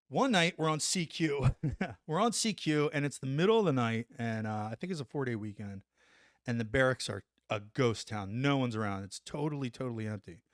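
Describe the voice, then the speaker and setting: Middle-aged guy telling an army story, lots of "like", animated, dry close mic. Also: medium pitch, dry recording. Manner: animated, acts out quotes, says "like" a lot. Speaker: podcast guest, former Army Ranger. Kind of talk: casual storytelling.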